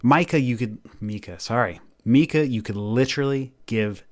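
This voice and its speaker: A man co-hosting a podcast in casual chat, animated and laughing often as he talks. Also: mid-range voice, normal speed. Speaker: podcast co-host.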